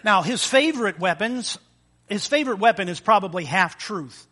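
Pastor, male, high bright voice, animated sermon delivery. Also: moderate pace. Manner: animated preaching with acted-out voices and sound effects.

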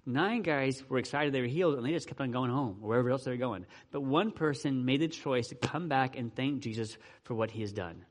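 A man's voice: medium pitch, brisk, hardly any pauses. A man giving a conversational sermon as pastor, asking his listeners rhetorical questions and using casual fillers. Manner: asks the audience frequent rhetorical questions; informal, with fillers like "right" and "you know".

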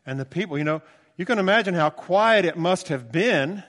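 A man's voice: high voice, expressive, moderate pace, fairly bright tone. Conversational pastor in his sixties. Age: 60s. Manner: conversational, emphatic, with asides and restarts. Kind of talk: sermon. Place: church. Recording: long church reverb.

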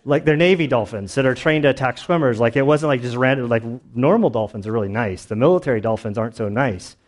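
A man's voice: mid-range voice, quick pace. A man preaching a sermon in a casual, conversational way, telling stories with lots of fillers and restarts. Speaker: pastor.

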